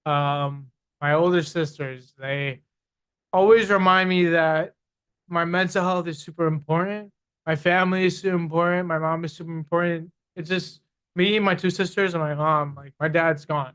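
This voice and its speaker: Podcast guest, male executive, emphatic and repetitive, hiccuping; clear, resonant, high voice. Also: steady tone, moderate pace, a bit bright. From Guyanese roots. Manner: confident, emphatic, repeats phrases. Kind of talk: casual interview talk.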